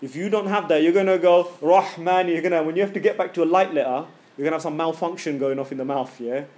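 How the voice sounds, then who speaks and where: A man teaching a tajweed class in a casual, joking way, stretching out sounds slowly and loudly to demonstrate them. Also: fairly high pitch, steady tone.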